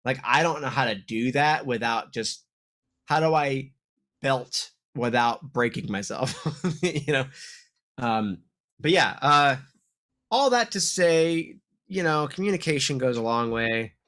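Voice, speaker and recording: A man's voice: medium pitch, animated, unhurried, fairly bright tone. Nasal-voiced man in casual chat. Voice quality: slightly nasal. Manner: rambling, many fillers and restarts. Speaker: podcast co-host.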